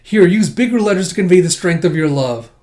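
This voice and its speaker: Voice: mid-range voice, expressive, brisk, a little mellow, close to an everyday voice. The reader voicing a giddy, romantic little schoolgirl who gushes and squeals. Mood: coaching. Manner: gushing, squealing.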